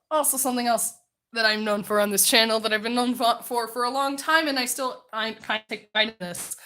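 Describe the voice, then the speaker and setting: Bright, loud-voiced woman streamer. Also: a little high. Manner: chatty, self-mocking, often laughing; naturally loud voice. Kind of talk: casual chat while drawing on stream.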